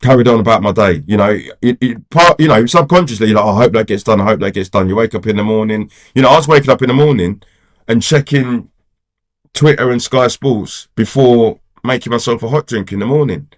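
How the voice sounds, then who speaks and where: Guy, fan vlogger, mid-pitched voice, rambling exasperated rant, keeps asking if you follow. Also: fairly quick. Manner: rambling, exasperated, heavy on "you know" and "do you get what I'm saying". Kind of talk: casual fan rant to camera.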